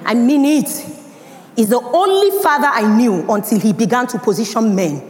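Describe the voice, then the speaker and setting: A woman's voice: fairly high pitch, animated, normal speed, a little mellow. A woman with a Nigerian accent giving a motivational talk and telling a personal story with dramatic emphasis. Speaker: speaker. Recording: echoey hall, faint ambience.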